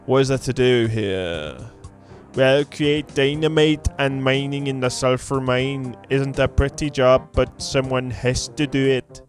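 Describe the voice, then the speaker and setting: A man's voice: medium pitch, steady tone, measured pace, soft background music, natural voice. A man putting on a proud dwarf spokesman. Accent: put-on Norse drifting Scottish. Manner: boastful, stately recitation. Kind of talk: reading game dialogue aloud.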